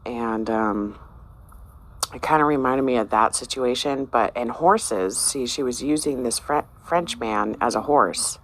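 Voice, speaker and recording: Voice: medium pitch, unhurried. A channel host telling viewers about a dream in a casual way, rambling and hesitant with many fillers and restarts, musing aloud about what it means.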